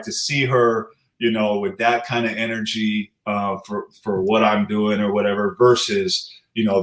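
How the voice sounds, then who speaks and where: Laughing, profane man in an echoey room. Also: fairly low pitch. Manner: loose, profane, laughing storyteller. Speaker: guest rapper. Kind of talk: casual interview chat.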